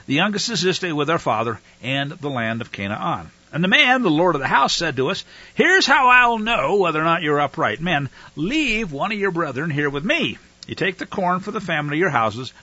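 A man's voice: fairly high pitch, sharp tone, husky, no echo. A man teaching the Bible verse by verse, reading passages aloud and then explaining them in his own words. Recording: dull lo-fi dry recording.

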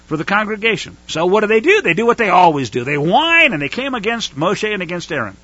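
A man teaching scripture in a casual, animated way, his pitch leaping high and swooping back down. His voice is bright and a little husky. The recording sounds dull and lo-fi. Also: brisk, no echo. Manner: animated, acts out whining voices. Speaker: Torah teacher. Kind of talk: casual Bible study teaching.

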